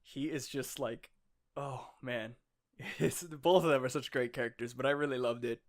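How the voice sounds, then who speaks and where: A man co-hosting a podcast in casual chat, excitable and laughing often, swearing freely and acting out the lines he retells. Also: medium pitch, moderate pace. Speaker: podcast co-host.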